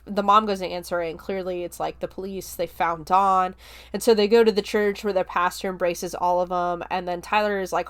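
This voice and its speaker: A woman's voice: mid-range voice, clean tone. A young woman podcast host casually recapping and reviewing a film, chatty and full of filler words, swearing now and then. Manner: chatty, heavy use of "like", relaxed swearing.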